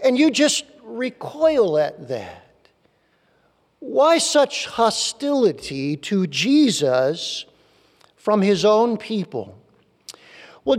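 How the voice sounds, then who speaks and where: A male pastor preaching a sermon in a church, emphatic and repeating key phrases slowly. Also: high-pitched. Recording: long reverb of a large hall.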